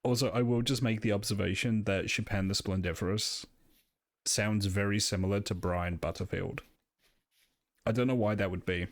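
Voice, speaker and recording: A man's voice: on the low side, steady tone, normal speed, no echo. A man streaming a game live, muttering to himself casually, swearing and laughing often.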